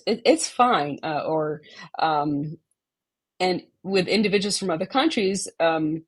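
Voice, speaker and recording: Husky-voiced woman, halting guest. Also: lowish voice, animated. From Texas. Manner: halting, many ums and restarts, laughs often. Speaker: podcast guest. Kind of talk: casual interview chat.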